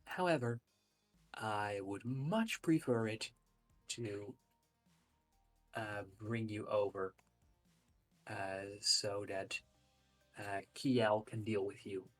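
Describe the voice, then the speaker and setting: Slow-talking guy running a tabletop game, lowish voice, lots of uh pauses. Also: soft background music. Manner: halting, with many "uh" fillers. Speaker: game master.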